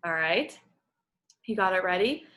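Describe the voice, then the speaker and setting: A woman's voice: mid-range voice, expressive, unhurried, a bit bright. A woman working as a voice clinician, giving patient, encouraging step-by-step instructions in a therapy session.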